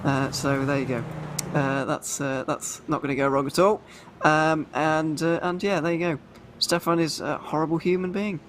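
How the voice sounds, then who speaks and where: A man's voice: on the high side, fairly even intonation, moderate pace, a bit bright, slight background noise. A man giving live race commentary in a chatty way, often breaking off and restarting his sentences.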